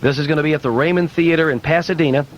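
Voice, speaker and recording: A man co-hosts a morning radio show, joking with guests and reading announcements. His pitch is ordinary, with faint hiss under the broadcast. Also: fairly even intonation, very fast, lo-fi sound. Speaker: radio co-host.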